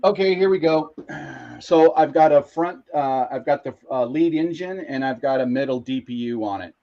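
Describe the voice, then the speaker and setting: A man's voice: fairly high pitch, normal speed, muffled recording. A man hosting a casual live stream, explaining things step by step with frequent restarts. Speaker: host. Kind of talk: casual chat. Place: home train room.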